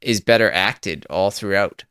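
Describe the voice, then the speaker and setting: Man, podcast co-host, smooth clear voice, dry sound, opinionated, long run-on explanations. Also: on the low side, a little slow, fairly bright tone, no room sound. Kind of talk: casual chat.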